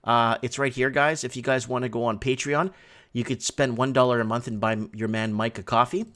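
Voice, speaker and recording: A man hosting a casual livestream from a home studio, talking through chat messages in an excitable, rambling way. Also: mid-range voice, brisk. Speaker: livestream host.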